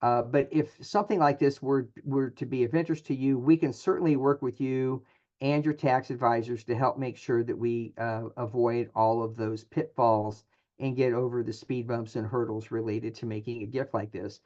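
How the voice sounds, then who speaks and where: A man's voice: mid-range voice, fairly even intonation, moderate pace, a little mellow. A man giving a presentation on charitable gifts in a conversational style, with frequent filler words and restarts. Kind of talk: webinar presentation. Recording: dull lo-fi audio.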